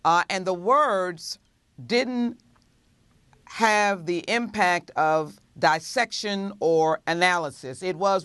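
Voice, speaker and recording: Congresswoman speaking slowly with pauses. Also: lowish voice, a bit bright, smooth, no echo. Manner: measured, many filler pauses. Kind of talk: TV interview answer.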